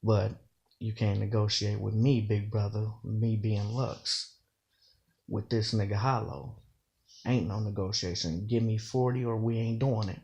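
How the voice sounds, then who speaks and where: A man with a low, mellow voice talks through rap lines in a casual breakdown, unpacking slang and double meanings. He repeats the lines and fills in with "you know" as he explains. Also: steady tone, measured pace, gravelly, lo-fi sound. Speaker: battle rap commentator. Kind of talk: casual bar breakdown commentary.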